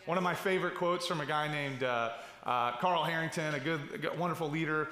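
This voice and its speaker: Bright, high-voiced pastor preaching. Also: male voice, fairly quick. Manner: conversational, restarts and asides, rhetorical questions. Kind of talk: sermon. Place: large church hall. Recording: echoey church hall.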